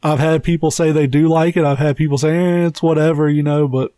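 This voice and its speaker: A man in his thirties with a slightly nasal tone and a faint southern twang, spinning long, profane stories in casual podcast chat. His voice sits a touch high, and the close mic sounds dry and free of room sound. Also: steady tone, a little fast, dark tone, dry recording. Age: 30s. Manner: rambling, profane storyteller. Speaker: podcast co-host.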